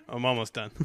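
Man, podcast host, casual rambling chat, dry close sound, mid pitch. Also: darkish tone, no room sound. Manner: laid-back, rambling, calls listener "man" and "dude".

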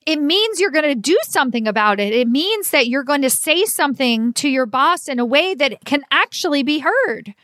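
A middle-aged woman, a leadership coach, talks through a solo podcast episode in an earnest, chatty way, peppering her speech with "like" and "right?". Her voice is high, expressive and a bit bright, moving at a moderate pace with few pauses. The recording is dry and studio quality.

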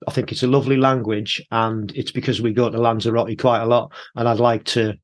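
A man answering an interview question in a relaxed, hesitant way. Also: mid-range voice, a little fast.

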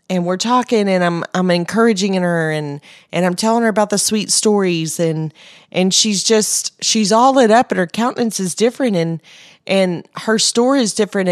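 A woman's voice: mid-range voice, no room sound, clean studio sound. A woman giving an earnest Christian testimony, stringing long sentences together with "and" and building to an urgent exhortation. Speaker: Christian speaker sharing a mission testimony.

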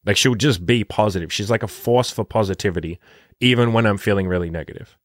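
A man's voice: lowish voice, dry recording, studio quality. A man who works as a dating coach, talking casually and emphatically on his podcast with a lot of swearing. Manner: profane, emphatic, rapid-fire.

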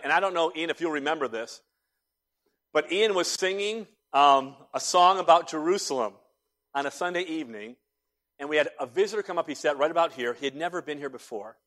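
A man preaching a sermon as pastor, telling stories with animated swings between hushed and loud delivery in a church. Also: a little high. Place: church sanctuary.

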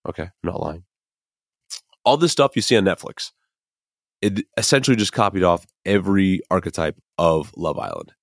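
A man's voice: sits low, very animated, moderate pace, gravelly, no room sound, clean studio sound. A young man from the American Midwest hosting a podcast, rambling in casual, emphatic commentary full of fillers and the odd curse word. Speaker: podcast host.

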